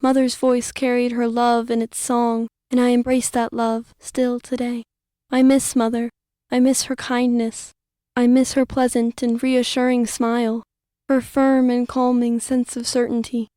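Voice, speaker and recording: A young woman narrating a historical audiobook in the first person, her reading quiet, wistful and even. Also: fairly high pitch, unhurried, clear, resonant tone, no room sound, clean studio sound.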